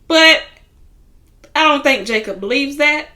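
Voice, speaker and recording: Woman, reality show recap, bright voice, chatty, punchy restarts. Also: high-pitched, expressive, a little slow. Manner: chatty storyteller, retelling scenes in quoted voices. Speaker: reality TV reviewer. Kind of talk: casual recap commentary.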